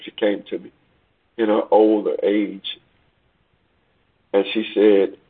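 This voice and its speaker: A man's voice: mid-range voice, slightly rough. A man preaching a sermon, reading scripture aloud in old-fashioned wording and throwing rhetorical questions at the listeners. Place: church service heard over a call. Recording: tinny phone line.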